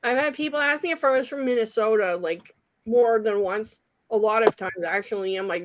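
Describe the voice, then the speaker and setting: A woman's voice: on the high side, moderate pace, noisy background. A woman from British Columbia with a Canadian accent, chatting casually and rambling on. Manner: rambling, chatty, self-deprecating. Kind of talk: casual chat.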